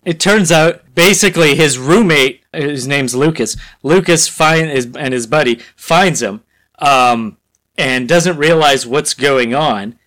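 A man co-hosting a podcast in casual chat, rambling through a story pitch with lots of fillers. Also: slow, fairly bright tone. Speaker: podcast co-host.

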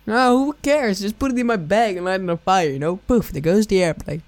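A man's voice: high voice, brisk. A young man, co-hosting a casual podcast, joking and rambling as he talks. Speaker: podcast co-host. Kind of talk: casual chat.

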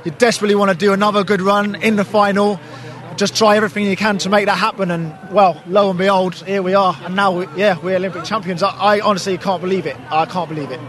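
High-voiced male athlete interviewed outdoors. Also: fairly even intonation, quick pace, crowd noise. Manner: breathless, disbelieving, rambling. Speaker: Olympic canoeist. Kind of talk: post-race interview. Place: outdoors at a whitewater course.

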